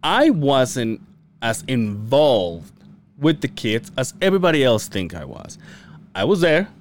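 A man co-hosting a casual podcast, telling animated stories, acting out quoted dialogue and swearing freely. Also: mid-range voice, unhurried, slight background noise. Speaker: podcast co-host.

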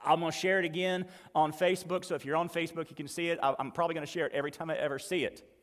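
Folksy, emphatic man preaching in a reverberant hall. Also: a little high. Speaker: pastor. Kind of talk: sermon.

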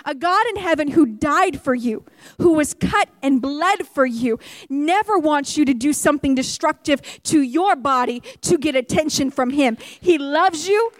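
A woman's voice: high-pitched, expressive, measured pace, no echo. A woman pastor preaching a sermon, telling a story with humor and acting out quotes.

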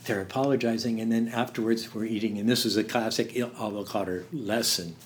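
An older man telling stories in an interview, halting and laughing, dropping to a hush when he quotes someone. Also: fairly low pitch, fairly even intonation, slight background noise. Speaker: interview guest. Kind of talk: storytelling in conversation.

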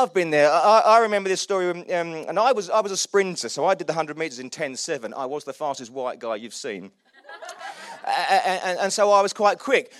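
A man's voice: fairly high pitch, no echo, clean studio sound. A middle-aged man preaching a sermon in a loose, self-mocking, chatty way. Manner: chatty and self-mocking, with frequent laughs and restarts. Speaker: pastor. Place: church hall.

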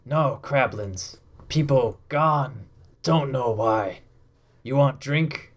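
A hulking, dim-witted half-orc bartender speaks in slow, clipped, broken phrases, blunt and gruff in a tabletop game tavern, as a man puts him on. The voice sits at an ordinary middle pitch.

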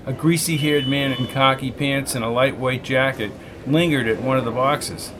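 A man reading a novel aloud as the narrator, in a steady, measured way. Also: medium pitch, background noise. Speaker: audiobook narrator. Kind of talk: scripted narration.

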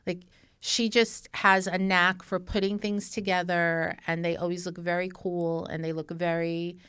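A woman's voice: on the low side, level tone, a little slow, fairly bright tone, clear, resonant tone, dry recording, studio quality. A woman hosting a podcast in casual chat, speaking in an emphatic, affirming way. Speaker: podcast host.

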